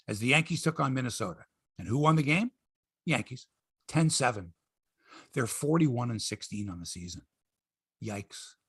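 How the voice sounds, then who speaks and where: A man's voice: a little high, breathy edge, dry recording, clean studio sound. A man with a Canadian accent hosting a sports talk show, telling stories animatedly and swearing freely. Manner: lively storyteller, swears, mimics others. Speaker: host.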